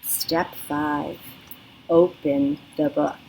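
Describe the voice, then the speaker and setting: A woman's voice: lowish voice, slow pace, slight background noise, poor audio. A woman librarian reading a picture book aloud to children on a front porch, coaxing and teacherly, recorded on a computer. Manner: animated, teacherly, coaxing young listeners. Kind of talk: children's storytime read-aloud. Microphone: computer webcam. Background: neighborhood sounds.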